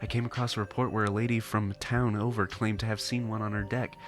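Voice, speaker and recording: A man's voice: fairly low pitch, level tone, quick pace, close to an everyday voice. A man voicing a young woman who hunts cryptids for online videos, upbeat and chatty, reading game dialogue. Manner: chipper, chatty, eager.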